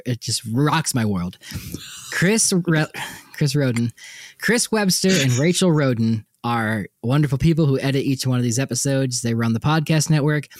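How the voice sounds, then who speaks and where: A young man tells stories in a loose podcast chat, his pitch leaping around as he laughs his way through them. The sound is close and dry, with no room around it. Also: no echo. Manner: animated, laughing, frequent likes and jumpy pitch. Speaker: podcast co-host. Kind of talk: casual storytelling chat.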